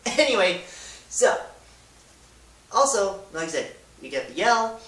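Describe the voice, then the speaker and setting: A man hosting a casual how-to vlog, talking in a goofy, rambling way with loud demonstrations. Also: high-pitched, sing-song, measured pace. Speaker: YouTuber. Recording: echoey room, distant mic, hiss.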